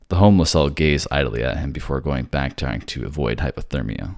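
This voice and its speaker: A man narrates a noir audio drama in the second person, measured and descriptive. His voice is extremely low and gravelly, with a dry, close recording. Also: lively intonation, darkish tone, no room sound.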